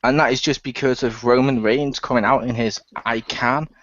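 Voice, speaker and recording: A man co-hosts a relaxed podcast chat, cracking jokes and laughing at his own remarks. His voice sits in a middle range. It comes through a dry, muffled, lo-fi recording. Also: medium pitch, dry recording. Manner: joking, quick asides with laughs. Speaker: podcast co-host. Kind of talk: casual chat.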